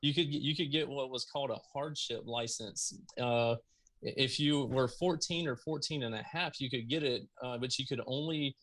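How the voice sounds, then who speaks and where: A man from Mississippi with a Southern accent, a podcast guest telling stories in an animated, casual way over a video call. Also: mid-range voice, normal speed. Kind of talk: casual storytelling.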